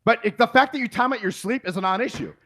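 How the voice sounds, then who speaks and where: A man hosting a podcast, arguing heatedly, yelling and swearing in exasperation. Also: extremely high pitch, fast talker. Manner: yelling, exasperated, profane rants. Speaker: podcast host.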